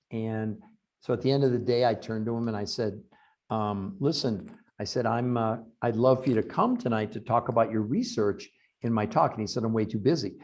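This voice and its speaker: A man who researches health, telling long anecdotes in an interview over a video call, acting out quoted lines. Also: mid-range voice. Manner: animated anecdotes with acted-out quotes. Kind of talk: storytelling in an interview.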